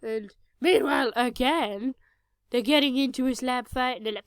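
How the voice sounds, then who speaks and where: High-voiced young woman telling a game story. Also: lively intonation, moderate pace, no echo. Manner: rambling, self-mocking, crude jokes. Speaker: storyteller recounting a tabletop game. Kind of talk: casual narrated storytelling. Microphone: cheap home microphone.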